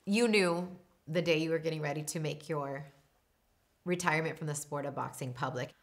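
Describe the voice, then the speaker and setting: A woman interviewer asking measured questions in a sports sit-down. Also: low-pitched.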